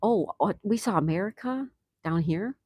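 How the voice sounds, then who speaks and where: A woman's voice: medium pitch, lively intonation, moderate pace, darkish tone, no echo. A woman hosting a casual live stream, chatting and laughing as she greets viewers and answers their comments. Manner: laughs often. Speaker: livestream host. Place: home in Florida.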